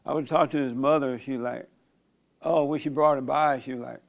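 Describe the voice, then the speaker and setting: A man's voice: mid-range voice, steady tone, a little fast, vocal fry. An older man hosting a church discussion, talking in a folksy, joking way and laughing often. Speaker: host leading a church discussion. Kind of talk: casual preaching talk.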